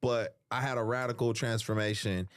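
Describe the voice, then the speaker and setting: A man's voice: medium pitch, steady tone, normal speed. A man hosting a conversational interview, asking questions and backing up his guest with frequent murmurs of agreement. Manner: encouraging, frequent affirming murmurs. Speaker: interview host.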